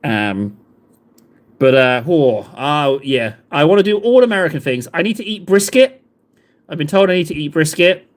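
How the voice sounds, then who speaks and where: Southern English man, livestream host, high voice, very animated, rambling and self-mocking. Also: normal speed. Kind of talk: casual chat to live viewers.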